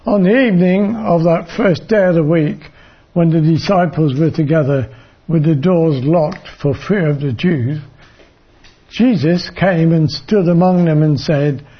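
A man gives a sermon at a very unhurried pace, his voice husky and a little high. He reads scripture in a measured way and now and then stumbles over and repeats his words. The recording sounds dull and lo-fi. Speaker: preacher. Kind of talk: sermon with Bible reading.

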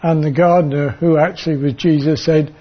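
A man preaching a sermon and reading from the Bible in a measured way, sometimes stumbling and repeating words. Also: on the high side, fairly even intonation, lo-fi sound.

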